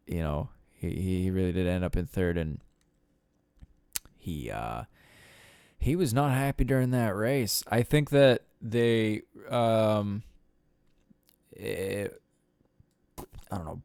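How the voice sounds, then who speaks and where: A man's voice: lowish voice, darkish tone, smooth, no echo, studio quality. A man hosting a casual solo podcast, rambling and swearing with lots of fillers. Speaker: podcast host.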